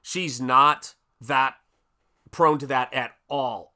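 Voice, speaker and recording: A man's voice: mid-range voice, fairly even intonation, takes it slowly, sharp tone. A middle-aged man hosting a live stream, telling a story in a casual way and repeating words for emphasis. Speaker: livestream host.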